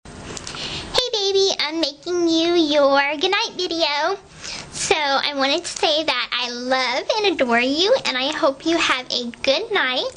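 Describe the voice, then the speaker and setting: A woman talks into her own video message from home. Her voice sits high and her pace is slow and gentle. She sounds affectionate and a little nervous, with faint background noise. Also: expressive, rough recording. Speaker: person recording video messages to a partner. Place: home, indoors.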